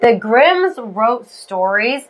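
Woman co-host, slightly high voice, joking and swearing, quick to apologize. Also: very animated, rough recording. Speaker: podcast co-host. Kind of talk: casual chat retelling a fairy tale.

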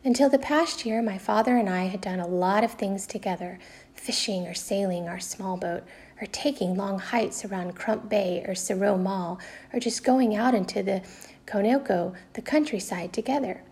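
A woman reading a first-person novel aloud for a class, in steady storytelling. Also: mid-range voice, normal speed. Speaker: reader.

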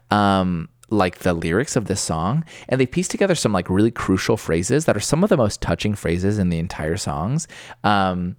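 Brief: young male podcast co-host, excitable and slangy, with a lively voice and a dry, close sound. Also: on the low side, no echo. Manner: excitable, slangy, says "dude" and "bro" a lot. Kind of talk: casual music chat.

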